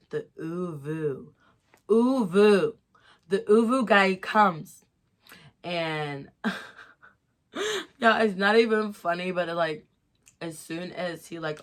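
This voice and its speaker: A woman's voice: low voice, a bit bright. A young woman telling a story to her viewers in a chatty, giggly way, a little tipsy and stuffy-nosed. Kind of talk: casual storytime vlog.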